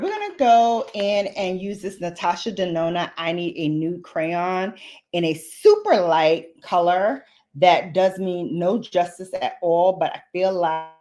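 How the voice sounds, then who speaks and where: A beauty vlogger with a lowish, slightly mellow voice chats playfully through a makeup demo, sprinkling in slangy asides to her viewers.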